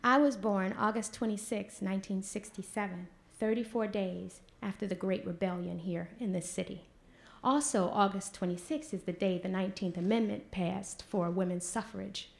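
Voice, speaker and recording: A woman spins a personal story for a live audience. Her voice has a gravelly fry at its edges. She talks in loose, animated vernacular and acts out other people's lines. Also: medium pitch, moderate pace. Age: 40s. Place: stage before an audience.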